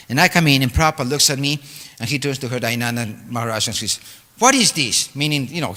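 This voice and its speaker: Older man reminiscing, halting, in a reverberant hall. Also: mid-range voice, bright, forceful tone. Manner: halting, with frequent fillers and restarts. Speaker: devotee giving a homage talk. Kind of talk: storytelling reminiscence. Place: temple hall.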